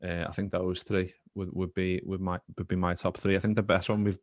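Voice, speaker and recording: Low-voiced man, casual podcast co-host. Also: fairly quick, no echo, studio quality. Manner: animated storyteller, acts out quoted voices. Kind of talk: casual chat.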